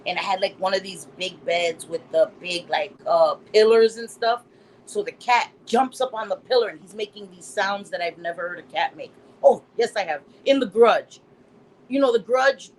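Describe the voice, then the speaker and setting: A middle-aged woman hosting a casual live stream, reading chat comments aloud and telling stories in an animated way, laughing often. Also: mid-range voice, moderate pace, a little hiss or hum, poor audio. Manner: animated storytelling, laughs often, acts out quotes.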